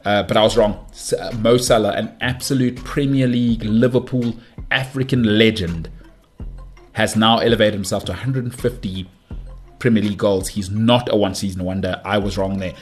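A young man hosting a football podcast, talking in a brash, animated monologue full of rambling asides. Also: lowish voice, normal speed, faint music behind. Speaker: podcast host.

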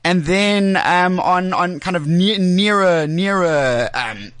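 A man's voice: high-pitched, slow pace, a bit bright, smooth, no echo. A young man co-hosting a radio show, chatting playfully about theatre. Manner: chatty, playful, jumps between plugs. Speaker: co-host. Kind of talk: casual radio chat. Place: radio studio.

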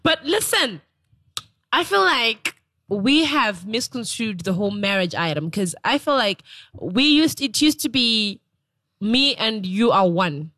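A woman's voice: fairly high pitch, very animated, measured pace, fairly bright tone, no echo. A woman co-hosting a casual podcast chat, playful and teasing, laughing often. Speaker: co-host.

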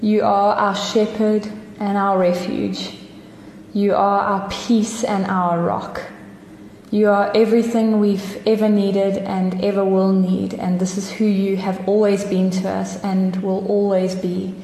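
A South African woman leading a spoken prayer in measured, repeated phrases. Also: medium pitch, little pitch movement, a little mellow. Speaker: prayer leader. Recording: echoey hall with faint noise.

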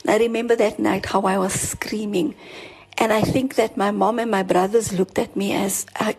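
A woman's voice: medium pitch, fairly even intonation, normal speed, gravelly, darkish tone, husky, low-quality recording. A woman preaching a sermon, telling her own story earnestly, repeating herself as she stresses her points. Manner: earnest, with restarts and rising emphasis. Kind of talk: sermon with personal testimony.

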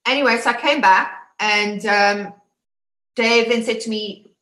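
A woman's voice: fairly high pitch, unhurried, sharp tone. Woman recounting her cult ordeal. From South Africa. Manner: emphatic, repeats words, many restarts. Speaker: cult survivor telling her story. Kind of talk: personal testimony. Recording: roomy echo.

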